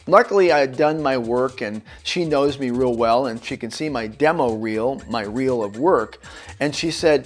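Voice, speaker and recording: A man's voice: mid-range voice, normal speed, faint music behind. A man, an actor, giving casual career tips in a chatty, anecdotal way and speaking directly to the viewer. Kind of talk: conversational tips video.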